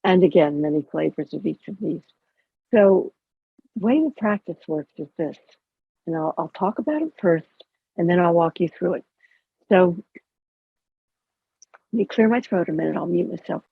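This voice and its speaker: A woman chaplain calmly teaching a mindfulness practice over a video call, conversational and gently humorous. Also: fairly low pitch, moderate pace, creaky, long pauses, husky, dry recording. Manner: calm, conversational, gently explaining with light humor. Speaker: chaplain and educator. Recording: dull lo-fi video call audio.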